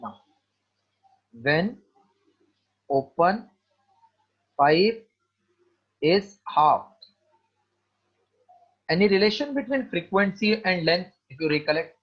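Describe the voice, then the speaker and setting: A man's voice: high voice, expressive, takes it slowly, pauses often. A man with an Indian accent teaching physics in an online class, mixing Hindi into his English and putting questions to his students. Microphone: video call. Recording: dull lo-fi online call audio.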